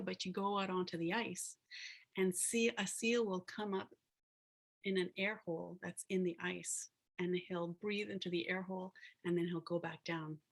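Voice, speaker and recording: Woman speaker telling a story over a video call, casual and low-pitched. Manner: casual, fills with "like" and "you know". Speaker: guest speaker, planner. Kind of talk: storytelling talk.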